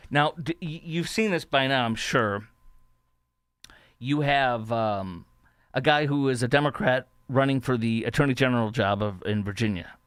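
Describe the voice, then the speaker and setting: A man hosting a political talk show, giving opinionated commentary in a sarcastic, mocking way, halting often with fillers. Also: mid-range voice, a bit bright, clean tone, no room sound, clean studio sound.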